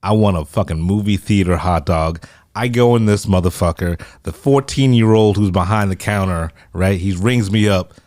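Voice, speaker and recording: A drunk man co-hosting a movie podcast, telling stories in animated, profane casual chat. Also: low voice, normal speed, dry recording, clean studio sound. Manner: animated storytelling, swears a lot. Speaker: podcast co-host. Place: recording studio.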